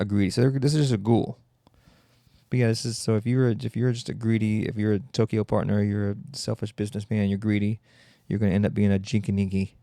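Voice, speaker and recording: A man's voice: fairly low pitch, creaky, mellow, no echo, clean studio sound. A man hosting a solo comedy podcast, rambling and mocking in a sarcastic tone. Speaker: podcast host.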